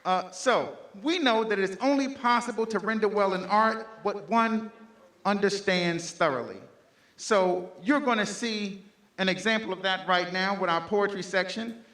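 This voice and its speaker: A man's voice: sits high, moderate pace, fairly bright tone, roomy sound. A man emceeing a school showcase, introducing performers in an upbeat announcing manner.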